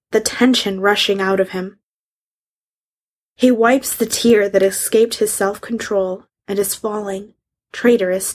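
A woman reading a fan fiction story aloud, in a hushed and emotional storytelling manner. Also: medium pitch. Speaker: reader.

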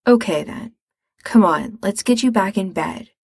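A woman's voice: mid-range voice, animated, measured pace, creaky, a little mellow, breathy edge, no echo, full character voice. A woman voicing a tired young man who speaks firmly while caring for the sick. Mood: weary. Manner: weary, firm, caretaking.

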